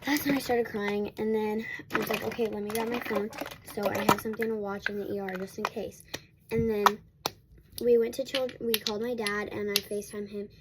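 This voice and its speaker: A woman's voice: mid-range voice, level tone, fairly quick, very noisy. A young woman vlogger telling a casual storytime at home while getting ready, rambling with many restarts and fillers.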